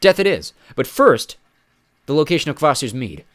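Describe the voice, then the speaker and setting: A man's voice: fairly high pitch, big pitch swings, normal speed, voice pushed up. A man voicing a disciplined young male soldier who speaks in a firm, clipped way.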